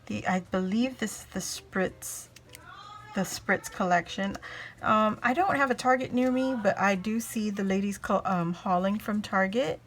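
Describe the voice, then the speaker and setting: A woman's voice: medium pitch, a little slow, a bit bright. A woman vlogger chatting casually as she unboxes craft mail, gushing and exclaiming often.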